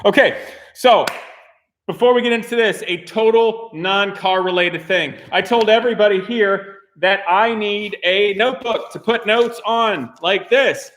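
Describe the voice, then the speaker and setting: A man with a high voice hosts a live stream from a workshop garage. He talks to his crew in an animated, joking way and laughs often. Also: unhurried. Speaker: host of a car channel.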